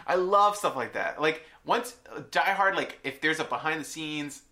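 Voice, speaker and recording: Eager, bright-voiced young man. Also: a little high, lively intonation. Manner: eager, laughs often, quick agreeing interjections. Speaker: podcast co-host. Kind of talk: casual podcast chat.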